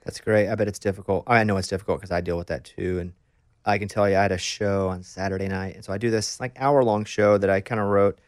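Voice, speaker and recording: Fast-talking animated man, dry sound. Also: fairly low pitch, clear, resonant tone, no room sound. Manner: fast, animated storyteller, acts out quotes. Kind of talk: conversational interview.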